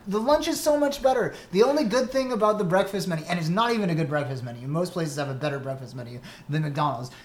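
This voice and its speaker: A man co-hosting a casual chat, ranting in an animated way with big jumps in his voice. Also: fairly high pitch. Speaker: podcast co-host. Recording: echoey room with faint noise.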